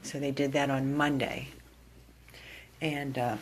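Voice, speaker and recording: A woman with a low voice narrates a phone video for an animal rescue from inside a room. She speaks earnestly and with feeling, straight to her viewers, with a faint hiss of noise under her. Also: fairly even intonation, slow pace, long pauses. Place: indoor room.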